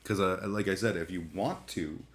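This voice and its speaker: A man's voice: deep voice, normal speed. A man chatting casually on a live stream, rambling and irreverent, full of fillers and restarts. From Canada. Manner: irreverent, joking.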